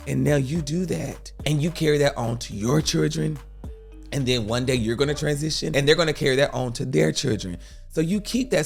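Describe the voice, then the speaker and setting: Gravelly-voiced guy preaching comfort, earnest, mid pitch. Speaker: advice show host. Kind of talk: storytime advice monologue.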